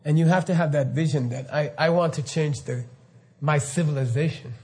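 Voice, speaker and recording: A man giving an informal spiritual lecture to students, animated and often laughing, with mock-incredulous asides. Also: a little high, normal speed. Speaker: spiritual teacher.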